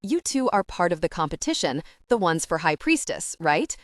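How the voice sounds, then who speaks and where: A woman's voice: lowish voice, very animated, normal speed, no room sound, clean studio sound. Woman voicing a formal French vampire man. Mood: weary, formal. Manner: stiffly polite, formal phrasing. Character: wounded young male French vampire, formal. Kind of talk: audiobook character reading.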